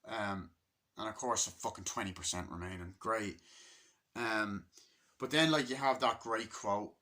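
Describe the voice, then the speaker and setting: A man's voice: on the low side, measured pace, sharp tone. A man giving a casual, rambling movie review, swearing freely and loosely chatty.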